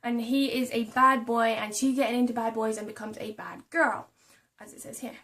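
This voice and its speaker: Young woman vlogging her book haul, high voice, chatty, trips over names. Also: steady tone, normal speed, a bit bright. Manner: chatty, stumbles over names and hard words; reads book blurbs aloud. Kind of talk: casual chat about a book haul.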